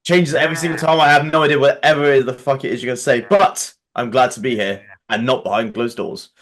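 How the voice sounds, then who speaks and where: Blunt podcast guest. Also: male voice, mid-range voice, fairly even intonation, quick pace, a bit bright. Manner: blunt, offhand and swearing. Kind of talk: casual podcast banter.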